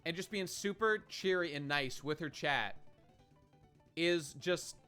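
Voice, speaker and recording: A man's voice: on the high side, slow, sharp tone, clean tone, soft background music. A man streaming a game and chatting with his viewers in a rambling, profane way, often restarting his sentences. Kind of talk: casual live-stream commentary.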